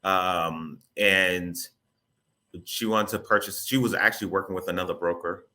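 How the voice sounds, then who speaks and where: A man with a somewhat low voice and a very bright, forceful tone tells his own story as a guest in an interview. He talks casually and with animation, repeating words and phrases in informal grammar. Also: steady tone, normal speed. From Boston area, Massachusetts. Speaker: guest, real estate broker.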